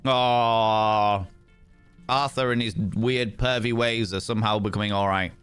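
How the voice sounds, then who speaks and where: A man's voice: fairly low pitch, fairly even intonation, a little slow, a bit bright, clean tone, soft background music. A man streaming a story game, joking, swearing and riffing on the characters with frequent laughs. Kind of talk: casual let's-play commentary.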